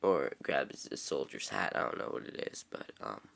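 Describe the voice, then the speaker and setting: A man's voice: extremely low pitch, big pitch swings, moderate pace, vocal fry, fairly bright tone. A young man casually recapping a TV episode, rambling and full of "um"s. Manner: rambling, filler-heavy, offhand. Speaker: TV episode reviewer.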